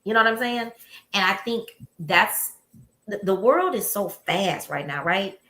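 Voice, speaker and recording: Bright-voiced woman telling a story. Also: mid-range voice, measured pace, roomy sound. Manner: storytelling, animated and emphatic. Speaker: podcast co-host. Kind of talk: casual chat.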